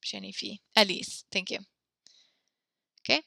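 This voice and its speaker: A woman's voice: medium pitch, fairly even intonation, measured pace, gravelly, pushed and bright, dry recording. A woman teaching a French class from home, upbeat and chatty as she spells out verb endings letter by letter for her students. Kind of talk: online class lesson.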